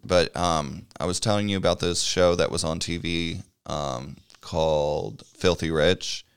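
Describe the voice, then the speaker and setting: Low-voiced and steady, a man unhurriedly chats his way through a rambling movie recap, cursing freely and chuckling as he goes. His tone is clean, and the recording is dry and studio quality.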